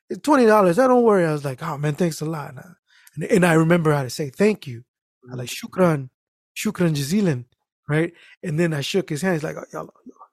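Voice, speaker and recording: A man's voice: high voice, gravelly, no room sound. Profane man telling a story, dry mic. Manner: animated, profane, acts out voices. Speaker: guest storyteller. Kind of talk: casual storytelling chat.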